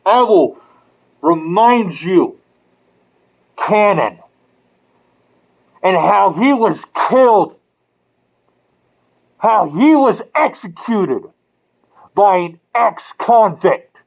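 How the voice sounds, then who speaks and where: An online commentator delivering an angry, profane rant with drawn-out, stressed words. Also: medium pitch, animated, muffled recording. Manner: furious, profane, emphatic.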